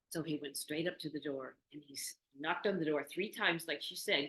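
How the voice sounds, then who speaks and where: A woman storyteller telling a folk tale to a small group in a meeting room, lively and asking the audience questions. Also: low voice, moderate pace, few pauses. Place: meeting room in a community venue. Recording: roomy meeting-room recording.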